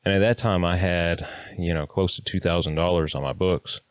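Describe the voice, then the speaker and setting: A man's voice: sits low, steady tone, moderate pace, no room sound, studio quality. A man in his thirties telling a personal story to camera in a blunt, plainspoken way, now and then swearing and acting out what people said. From Kansas, United States. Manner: blunt, plainspoken, occasional swearing, acts out quotes.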